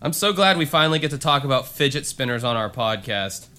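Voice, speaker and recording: Bright, crisp-voiced young man, blunt. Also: medium pitch, expressive, fairly quick. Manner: blunt, sarcastic, swearing. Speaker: podcast co-host. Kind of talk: casual podcast chat.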